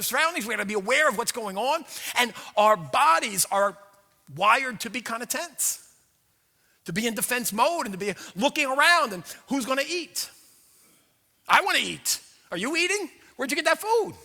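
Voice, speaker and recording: A pastor delivers his sermon in a high, very bright voice, chatting with the congregation and slipping into little acted-out inner voices. His words ring out with the long reverb of a church hall. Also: vocal fry. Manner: animated, conversational, acts out inner voices. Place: church sanctuary.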